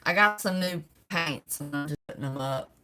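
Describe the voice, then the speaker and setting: A woman's voice: low voice, normal speed, bright, forceful tone, soft background music. A middle-aged woman hosting a casual livestream, greeting viewers by name and laughing often. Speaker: livestream host.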